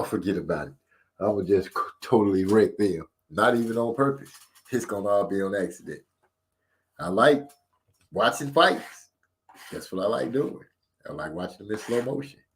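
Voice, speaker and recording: A man hosting a casual live stream, joking about himself and reading viewer comments aloud. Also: mid-range voice. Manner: joking, self-deprecating, reads chat aloud. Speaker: channel host.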